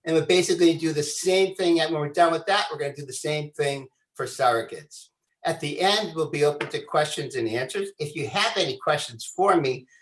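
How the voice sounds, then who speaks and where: A man's voice: on the high side, a bit bright. A man hosting a webinar, introducing the panel in an earnest, formal way. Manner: earnest and formal, says "quite frankly". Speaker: webinar host. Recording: echoey room.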